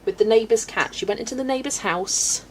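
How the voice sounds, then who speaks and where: A woman's voice: a little high, a little fast, darkish tone, a little hiss or hum, poor audio. A woman from the UK streaming live at home, chatty and giggly, reading viewer comments aloud as she chats. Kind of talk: casual live-stream chat.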